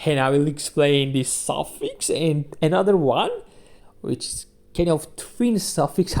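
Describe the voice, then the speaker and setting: Slow, mellow-voiced language teacher. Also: mid-range voice. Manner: patient, repeats each word several times as a drill. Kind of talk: beginner language lesson podcast.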